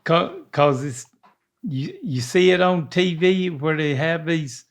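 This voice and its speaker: Slow-drawling older man. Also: a little high, very animated. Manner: slow drawling, folksy, stumbles over words. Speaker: podcast host. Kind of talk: casual chat. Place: indoor studio.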